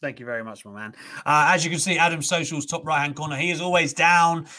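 A young man hosting a casual wrestling talk show, animated, ranting and swearing freely. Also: fairly high pitch, quick pace. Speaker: host.

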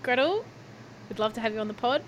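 A woman's voice: on the high side, steady tone, racing, slight background noise. A woman co-hosting a podcast, giggly and teasing in casual chat. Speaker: podcast co-host. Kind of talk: casual chat recapping a reality show.

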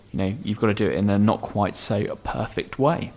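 A man's voice: fairly low pitch, fairly quick, few pauses, darkish tone. A man co-hosting a podcast, explaining answers to listener questions in a loose, rambling way with frequent ums and restarts. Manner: rambling, thinks aloud with many ums and restarts. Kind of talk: casual explanatory chat.

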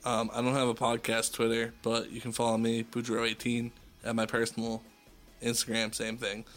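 Boston-accented male podcast host, mid-pitched, loose jokey chat with some swearing. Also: monotone, moderate pace, fairly bright tone, soft background music. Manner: joking, loose and profane. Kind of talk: casual chat.

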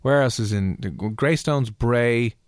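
A man's voice: medium pitch, slow, clear, resonant tone, no echo, studio quality. A young Irish man hosting a radio show, chatting casually and teasing his co-host. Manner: teasing, playful, animated. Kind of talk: casual chat.

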